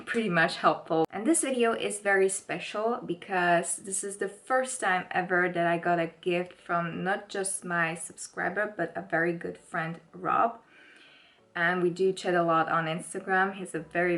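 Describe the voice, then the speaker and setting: A woman's voice: lowish voice, fairly bright tone. A woman makeup vlogger chatting casually to the camera, giggling often and gushing with thanks. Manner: giggly, laughs often between words; gushing and grateful. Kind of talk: casual vlog chat to the camera. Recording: roomy echo with faint background music.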